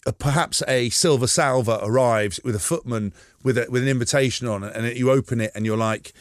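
A man in his thirties, a former rugby player from England, telling animated, jokey stories as a radio guest. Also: mid-range voice, brisk, dry recording, studio quality. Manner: animated, jokey, acts out quoted voices. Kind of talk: casual storytelling on radio.

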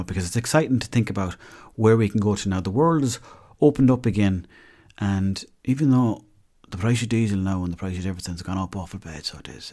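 A man's voice: fairly low pitch, mellow. A young man with an Irish accent hosting a podcast, telling stories in a rambling, chatty way. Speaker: podcast host. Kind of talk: casual comedic monologue.

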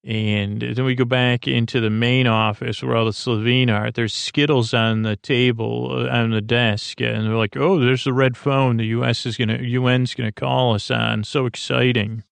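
A man hosting a bedtime podcast, retelling a TV episode in a halting, rambling way with many fillers and restarts. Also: mid-range voice, level tone, creaky, clear, resonant tone, no room sound. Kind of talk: sleepy rambling recap.

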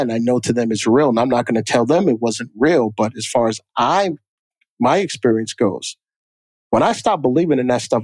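A podcast co-host tells personal stories in casual chat, speaking emphatically and repeating lines for effect. His voice is medium-pitched and darkish, with no room sound.

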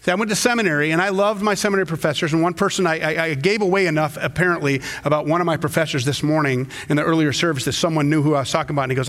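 A middle-aged man, the pastor, preaching a sermon in a church, telling stories and acting out quotes with sudden jumps in pitch. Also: rapid-fire, few pauses, a bit bright.

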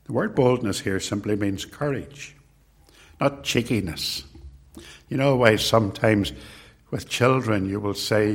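An older man preaching a sermon, slow and measured, repeating key words for emphasis. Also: fairly low pitch, husky.

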